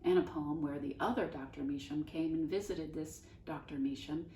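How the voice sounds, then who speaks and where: Mellow-voiced woman reading a storybook aloud. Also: low-pitched, steady tone, normal speed, a little hiss or hum. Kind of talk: reading a children's novel aloud. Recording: roomy sound from a distance.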